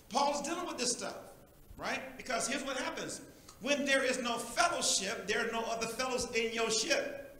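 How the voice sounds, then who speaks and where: A man preaches an animated sermon in a church, often calling out to the congregation. His voice is high and bright. The sound bounces around a very echoey room. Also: moderate pace. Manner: animated, preachy call-and-response. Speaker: pastor.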